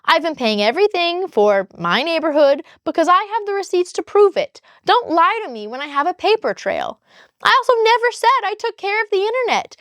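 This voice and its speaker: High-voiced exasperated woman vlogger. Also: big pitch swings, a little fast, fairly bright tone, dry recording, clean studio sound. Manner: heated, exasperated, reading out text messages. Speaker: vlogger telling her divorce story. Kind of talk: casual storytelling vlog.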